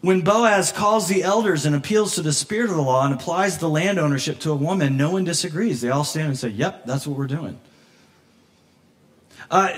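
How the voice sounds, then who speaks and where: A man preaching a sermon as pastor, conversational and animated, laughing often and acting out quoted voices, moved close to tears at times. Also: on the high side. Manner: emotional, near tears at moments.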